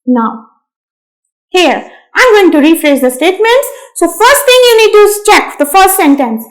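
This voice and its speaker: A woman teaching a lesson to young children, speaking slowly and emphatically, repeating key words and calling her listeners "my dear students". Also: very high-pitched, big pitch swings, low-quality recording.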